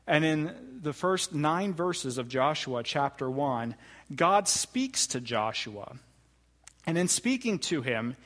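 A man's voice: a little high, fairly bright tone. Man preaching in a reverberant hall. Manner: deliberate, emphatic preaching with slow stressed phrases. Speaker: pastor. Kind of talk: sermon.

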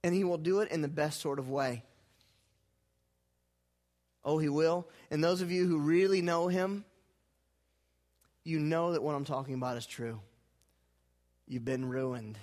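High-voiced pastor preaching in a hall. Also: male voice, steady tone, a little slow, pauses often. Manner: dramatic, swings from hushed to loud. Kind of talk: sermon. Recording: hall reverb.

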